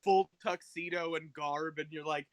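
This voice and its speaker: A man's voice: fairly high pitch, steady tone, normal speed. A young man co-hosting a podcast in casual chat, playful and jokey, humming bits of tunes. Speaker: podcast co-host.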